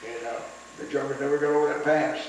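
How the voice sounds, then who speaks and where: Speaking fast in a mid-range voice with fairly even intonation, this older veteran from the United States gives an oral history recollection of the war. His rambling stories repeat words and act out others' quotes; the recording has an echoey room, distant mic, and faint noise.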